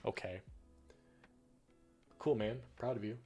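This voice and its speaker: With faint music behind him, a young man from the northern United States paints on stream and chats casually, rambling, cursing, and filling gaps with fillers. He speaks slowly in a lowish, slightly mellow voice.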